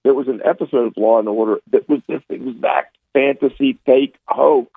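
A man's voice: mid-range voice, normal speed, vocal fry, slightly rough, no room sound. Scornful man on a tinny phone line. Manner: combative, scornful, with many fillers and restarts. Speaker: political contributor. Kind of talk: phone-in political commentary.

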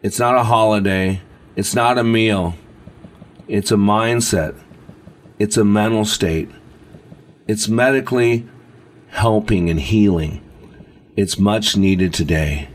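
A man delivering an emotional motivational speech in an earnest, preacherly way, slowing down for emphasis. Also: fairly low pitch, soft background music. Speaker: motivational speaker.

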